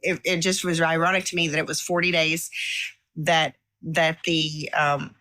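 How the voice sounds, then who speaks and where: A woman with a lowish voice leads a relaxed Bible study chat. She talks in stops and starts and often restarts her sentences. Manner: halting, many restarts and fillers. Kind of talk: casual Bible study discussion. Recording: dry, cleaned-up audio.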